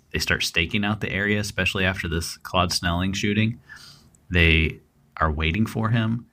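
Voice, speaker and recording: A man's voice: low-pitched, bright, forceful tone. A man co-hosting a true crime podcast, reading case details and then chatting about them loosely with fillers. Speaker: podcast co-host.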